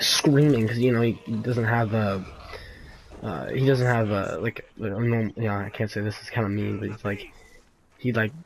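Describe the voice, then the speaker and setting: This teen gaming YouTuber has a fairly low, somewhat mellow voice, heard on a rough recording with slight background noise. His casual commentary wanders through a story with frequent laughter, crude slang, fillers and restarts.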